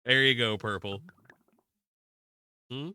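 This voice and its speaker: A man with a Southern US drawl talks slowly in a medium-pitched voice, bright and forceful yet clean-toned, on a live game stream. He rambles, restarts frequently and reads his viewers' messages aloud as he plays.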